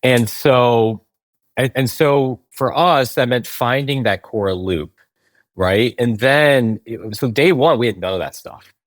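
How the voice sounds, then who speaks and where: A man's voice: mid-range voice, slow pace, no room sound. A man, a game company founder, explaining in a conversational interview, tagging points with "right?" and restarting sentences.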